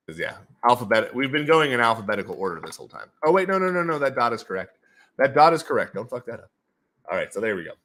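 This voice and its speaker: Male livestream host, bright forceful voice, lively pitch, repeats himself, tosses in goofy sound effects. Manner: animated, repeats his own phrases, playful sound effects. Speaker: livestream host running NFT giveaways. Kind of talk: casual livestream commentary.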